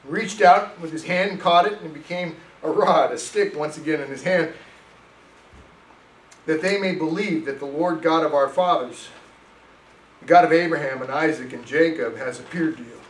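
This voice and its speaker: A male pastor preaching a sermon, reading scripture and telling stories in an animated way. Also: a little high, moderate pace, reverberant, recorded from a distance, low-quality recording. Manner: animated storytelling, reads scripture aloud. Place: church sanctuary.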